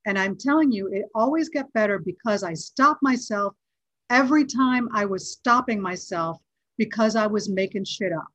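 In a dull, dry recording, a middle-aged actress speaks at normal speed with medium pitch. Recounting a story during a casual interview, she stays lively and performs the dialogue she quotes.

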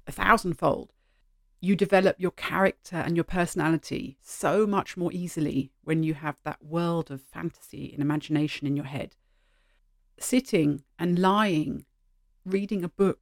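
A middle-aged woman hosting a solo podcast, talking in an animated, heartfelt way from behind a microphone at home. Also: lowish voice, no echo, clean studio sound. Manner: animated, heartfelt, gently emotional. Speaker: podcast host. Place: sitting at home. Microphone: studio microphone.

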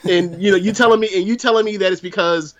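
Man, from Florida, high voice, chatty podcast co-host, rambling. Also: fast talker, fairly bright tone. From Florida, USA. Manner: chatty, lots of fillers and restarts. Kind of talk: casual wrestling chat.

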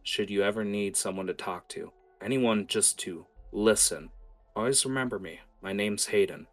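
A man voicing a gentle dragonborn priest. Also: fairly low pitch, moderate pace, faint music behind, close to an everyday voice. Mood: consoling. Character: kind male dragonborn priest, gentle and solemn.

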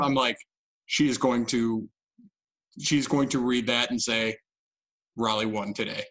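A man's voice: medium pitch, fairly even intonation, measured pace, long pauses, fairly bright tone, low-quality recording. A young man co-hosting a podcast, telling a story in a casual, self-mocking way. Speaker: podcast co-host. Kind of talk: casual chat.

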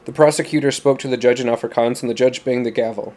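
A man narrating a story in a steady, plain storytelling manner. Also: mid-range voice, fast talker, few pauses. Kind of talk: audiobook narration.

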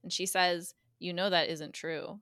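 A woman's voice: on the low side, no echo, clean studio sound. A woman co-hosting a podcast, recapping a TV episode in casual chat and acting out the characters' lines. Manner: animated storyteller, acts out lines with quick voice shifts. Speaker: guest co-host recapping a TV episode.

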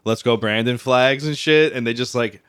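A man's voice: medium pitch, moderate pace, fairly bright tone, clear, resonant tone, no echo, clean studio sound. A man co-hosting a comedy podcast, reading out a story bluntly, with a lot of swearing. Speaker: podcast co-host. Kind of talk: casual comedy podcast chat.

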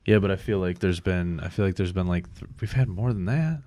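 A man's voice: sits low, brisk, dark tone, dry recording. A man co-hosting a podcast in casual banter. He swears freely, laughs often and restarts his sentences. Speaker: podcast co-host.

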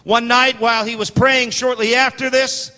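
Male pastor, high bright voice, animated sermon storyteller, echoing hall. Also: moderate pace. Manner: animated storytelling, acting out quoted voices, building to shouts.

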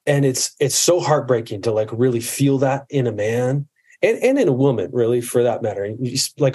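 A man in his thirties with a mellow, warm voice, talking earnestly and reflectively on a podcast. His sentences stop and restart as he thinks them through. His pitch sits in an ordinary middle range. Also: brisk. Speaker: podcast guest, medical provider. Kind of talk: casual conversation.

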